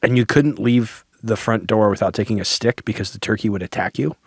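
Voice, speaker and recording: A man's voice: fairly low pitch, fairly quick, vocal fry, husky, no room sound, clean studio sound. A male pastor bantering playfully on a podcast, joking with mock-serious voices.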